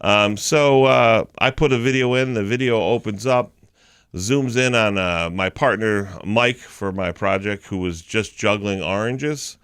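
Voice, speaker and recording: Animated storytelling man, dry studio sound. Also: lowish voice, unhurried, clean tone, dry recording. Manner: animated storyteller, acts out the people in his story. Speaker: morning radio host and comedian. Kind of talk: storytelling on a radio show. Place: radio studio.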